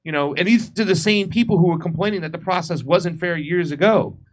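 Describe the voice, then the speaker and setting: A man as a guest on a political talk show, agreeing and explaining in a steady way. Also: high-pitched, a little fast. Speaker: guest co-host. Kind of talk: political commentary chat.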